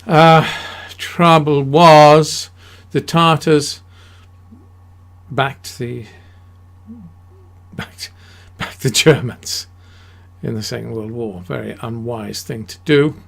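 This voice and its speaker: Man, slow unhurried delivery, gravelly fry, rambling, emphatic, lots of ums. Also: mid-range voice, steady tone. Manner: rambling, emphatic, with many fillers and restarts. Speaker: history lecturer. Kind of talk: unscripted history talk.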